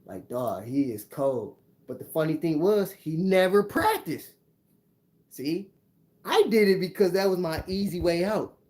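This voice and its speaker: A man's voice: high-pitched, unhurried, a little mellow. A man casually telling a personal story on his channel, laid-back and full of slang. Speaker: vlogger.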